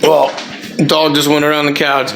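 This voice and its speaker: A man's voice: on the high side, monotone, normal speed, creaky, echoey room, background noise. A man hosting a casual vlog in a house, laid-back and joking as he talks to dogs. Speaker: vlog host. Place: house, dog sitting.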